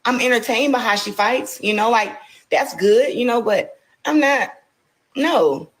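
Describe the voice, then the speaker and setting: A woman's voice: on the high side, a little slow, rough recording. A woman boxer ranting on a livestream, scolding and confrontational, repeating herself. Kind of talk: heated livestream rant.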